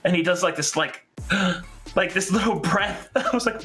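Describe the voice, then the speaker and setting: A man's voice: high-pitched, moderate pace, soft background music. A man running tabletop games, casually telling a story with frequent laughter. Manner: animated, laughs often through the story. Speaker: game master.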